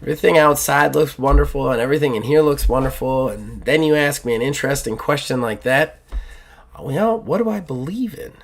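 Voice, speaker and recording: A curious, cheerful baker woman who adores tea, gushing in a mid-pitched, rambling way, as a man plays her in his own voice at the game table. She wanders through her thoughts with fillers and restarts. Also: brisk, vocal fry. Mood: enthusiastic. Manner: enthusiastic, rambling, full of fillers.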